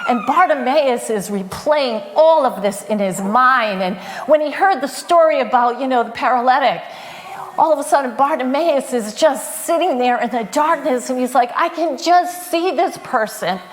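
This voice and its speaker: A woman's voice: high voice, expressive, moderate pace, slight background noise. A woman preacher giving a sermon, telling the story in a conversational way with frequent fillers.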